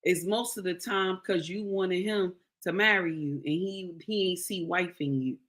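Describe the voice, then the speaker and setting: A woman's voice: fairly low pitch, unhurried, fairly bright tone. A woman giving casual, preachy commentary, addressing listeners as her sisters and repeating key lines for emphasis. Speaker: social commentator.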